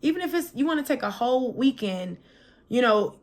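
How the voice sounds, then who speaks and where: A young adult woman hosting a solo motivational podcast in a chatty, animated manner. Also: high voice, a little fast. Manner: lively, chatty, animated, acts out quoted voices. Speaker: podcast host.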